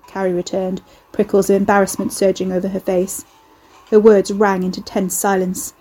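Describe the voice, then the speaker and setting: A woman narrates a storybook in a steady, dry manner. Her voice is mellow and warm, with a soft husky edge. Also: medium pitch, moderate pace. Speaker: audiobook narrator.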